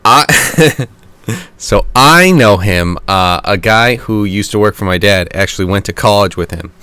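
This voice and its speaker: A man's voice: fairly low pitch, lively intonation, a little slow, sharp tone, smooth. A man in his thirties telling a rambling story to friends, laughing as he goes. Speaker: player in a tabletop game podcast. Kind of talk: casual storytelling among friends.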